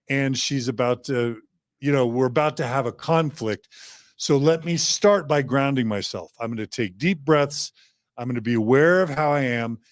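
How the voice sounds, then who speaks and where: A man's voice: medium pitch, no echo, clean studio sound. A man hosting a podcast, earnestly walking through a coaching scenario step by step. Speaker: podcast host. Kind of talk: coaching demonstration.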